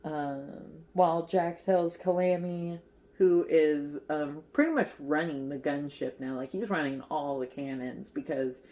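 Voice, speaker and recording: Woman, low pitch, mellow tone, chatty, giggly, crochet vlog recap. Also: measured pace. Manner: chatty, giggly, lots of fillers. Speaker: crochet vlogger. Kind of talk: casual movie recap while crocheting.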